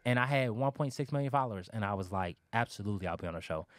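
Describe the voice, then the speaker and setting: A man in his thirties recounting his own story at a quick clip, candid and emphatic, with plenty of swearing. His voice sits at an ordinary pitch and sounds close and dry, with no room around it. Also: lively intonation, dry recording. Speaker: guest telling his life story. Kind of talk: casual storytelling interview.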